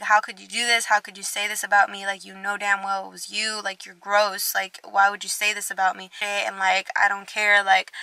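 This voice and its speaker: A woman's voice: medium pitch, smooth, no room sound. A young woman vlogger telling a storytime, swearing freely and acting out both sides of the conversations. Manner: expressive, swears a lot, acts out both sides. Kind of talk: storytime vlog.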